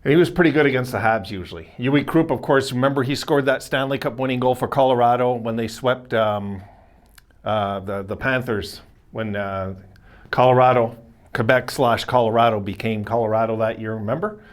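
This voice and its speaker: A man's voice: medium pitch, moderate pace. A man hosting a casual solo video, talking in a rambling, chatty way with frequent self-corrections and asides. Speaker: hockey video host.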